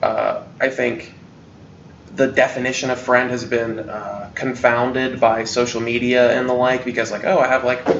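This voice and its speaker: Host guy talking things through, gravelly voice, kinda far from the mic and muffled. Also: mid-range voice, flat delivery, unhurried, a bit bright, slight background noise. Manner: thoughtful, explains points with fillers like uh and like. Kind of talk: casual conversation. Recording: echoey distant lo-fi sound.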